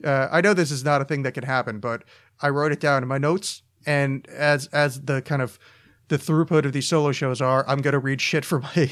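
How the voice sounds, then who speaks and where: A man's voice: on the high side, fairly bright tone. A man hosting a solo podcast, ranting casually with profanity, restarts and repeated words. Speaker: podcast host.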